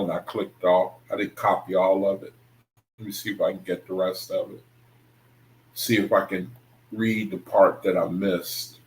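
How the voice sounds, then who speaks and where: A man hosting an online scripture study livestream, reading passages aloud slowly, rereading lines and chatting informally with viewers. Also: on the low side, rough recording. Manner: relaxed, informal talk with the audience. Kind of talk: casual livestream reading and commentary.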